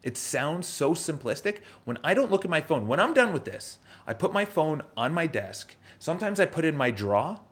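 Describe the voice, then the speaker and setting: A man's voice: a little high, moderate pace, hardly any pauses. A man in his thirties with a New York accent, talking live to his audience in a casual, motivational way, repeating phrases and restarting sentences. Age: 30s. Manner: energetic, conversational, repeats phrases, restarts often. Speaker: host of a live morning show. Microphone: live stream from his office.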